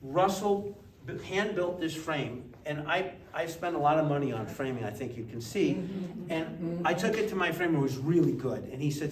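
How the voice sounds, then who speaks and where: A man telling lively anecdotes in a casual gallery talk, acting out the people in his stories. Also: moderate pace. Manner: animated anecdotes, acts out voices with big pitch jumps. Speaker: art collector giving a gallery talk. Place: museum gallery. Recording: echoey gallery, distant mic, faint hiss.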